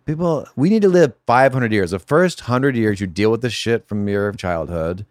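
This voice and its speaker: Lower-voiced man, dry and wry. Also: animated, moderate pace, no echo. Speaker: podcast guest. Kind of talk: casual chat.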